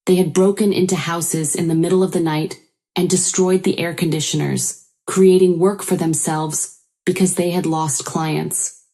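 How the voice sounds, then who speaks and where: Brief: woman narrator, lowish mellow voice, steady measured storytelling. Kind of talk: scripted first-person story narration.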